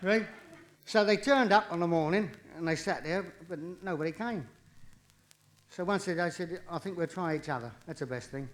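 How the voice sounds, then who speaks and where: A man doing live stand-up comedy, cheeky and quick, with jokes that rise into punchlines. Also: sits high. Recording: vinyl live recording, audience laughter, distant.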